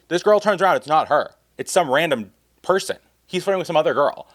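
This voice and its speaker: A man's voice: a little high, lively intonation, fast, a bit bright, dry recording, clean studio sound. A young man telling a casual storytime vlog, rambling and self-mocking, full of filler words. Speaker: vlogger.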